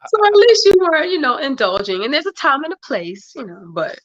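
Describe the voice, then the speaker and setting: A woman's voice: high-pitched, a little hiss or hum. Easygoing woman with a slightly dull sound. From Charlotte, North Carolina. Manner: easygoing, supportive, reserved, chuckles softly. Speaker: musician guest. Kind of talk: casual interview chat.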